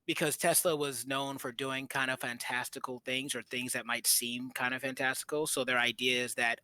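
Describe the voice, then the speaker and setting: Young guy rambling about a movie, bright voice, dry close mic. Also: mid-range voice, fairly even intonation, moderate pace, few pauses, dry recording. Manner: rambling, thinking aloud with fillers. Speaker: podcast co-host. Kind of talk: casual film discussion.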